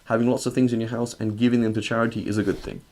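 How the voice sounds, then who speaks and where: A man's voice: mid-range voice, steady tone, rapid-fire, darkish tone. A male religious teacher giving a conversational lesson. He reads classical Arabic passages, translates and explains them, and keeps checking in with "right?". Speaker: Islamic teacher.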